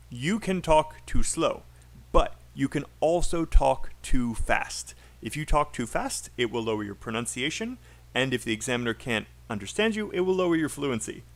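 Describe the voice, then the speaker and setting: A man with a British accent teaching a livestream English speaking lesson, modelling sentences in chunks with deliberate pauses and repeating words for drills. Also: medium pitch.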